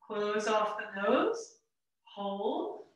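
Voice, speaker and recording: A woman yoga teacher giving calm, gentle, step-by-step breathing instructions. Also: medium pitch, very slow. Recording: roomy echo, mic at a distance.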